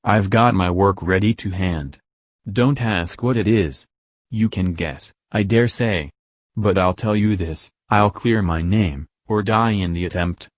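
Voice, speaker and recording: A man's voice: lowish voice, no room sound, studio quality, natural voice. A man reading the part of a brooding, hunted young man in an audiobook, with an impassioned, pleading delivery.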